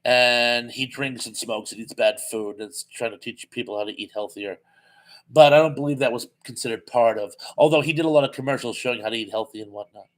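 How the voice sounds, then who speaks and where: A man hosting a live chat, reading out viewer comments and answering them with easy, rambling chatter. His voice is wearing thin and going hoarse. He sits at a middling pitch and fills his pauses with "uh.". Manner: reads viewer comments aloud and responds, chatty with frequent "uh". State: losing his voice.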